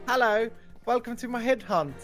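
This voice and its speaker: A man doing a cheeky, over-the-top impression of another player, his put-on British accent plainly wrong. He insists he is the real one and keeps the teasing going. Clear background music plays under him. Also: very high voice, normal speed. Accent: put-on British, badly done.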